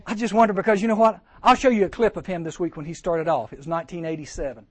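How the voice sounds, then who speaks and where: A man as a camp preacher, quick-talking, animated storyteller, dry close sound. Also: high voice, dry recording. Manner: animated, acts out quoted voices. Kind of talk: storytelling sermon to teens. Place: indoor camp chapel.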